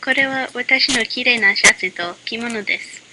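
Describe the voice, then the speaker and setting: A woman reading a mock language lesson in a deadpan voice, dropping dry joke asides between the examples. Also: on the high side, fast. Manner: deadpan, flat-voiced delivery. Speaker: lesson narrator. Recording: loud constant background hiss.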